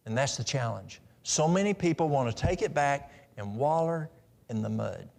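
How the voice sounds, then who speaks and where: A man's voice: medium pitch, lively intonation, moderate pace, creaky, darkish tone. A middle-aged man giving a practical, story-filled health talk at a church in a folksy manner. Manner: folksy, practical, tells stories.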